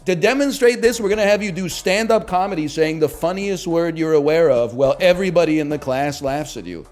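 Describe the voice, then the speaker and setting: A man putting on the voice of an overbearing male health class teacher, loud and lecturing. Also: on the high side, fairly quick, voice pushed up, natural voice.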